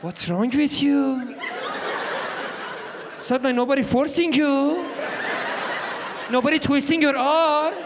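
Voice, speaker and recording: A man voicing his pushy Middle Eastern mother, loud and scolding on a comedy stage. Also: high voice, a little fast, background noise, voice pushed up, close to an everyday voice. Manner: shouting, scolding.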